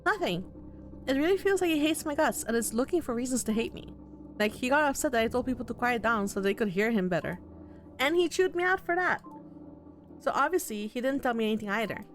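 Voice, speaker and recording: A woman's voice: fairly high pitch, expressive, fast talker, natural voice. A woman voicing an earnest, worried young man in a visual novel. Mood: upset. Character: earnest, anxious young man in his twenties.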